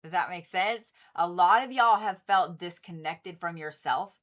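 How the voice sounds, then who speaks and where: Hosting a livestream of zodiac forecasts, this woman talks a little slowly in a voice on the low side with a bit of brightness. Her chat with viewers is casual, repetitive, and full of swearing.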